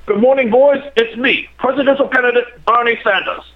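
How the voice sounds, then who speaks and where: A man's voice: very high-pitched, fairly even intonation, fairly quick. A man calling in, doing a mock older male presidential candidate with folksy campaign-speech delivery on a tinny phone line. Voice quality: old-timey tinny sound. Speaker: caller.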